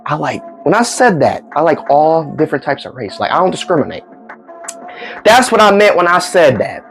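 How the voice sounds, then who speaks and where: A man's voice: fairly high pitch, fairly quick, soft background music. A man casually telling funny stories from his day to his followers, rambling and acting out the dialogue. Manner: rambling, animated, acts out dialogue. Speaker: storytime vlogger. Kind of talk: casual storytelling.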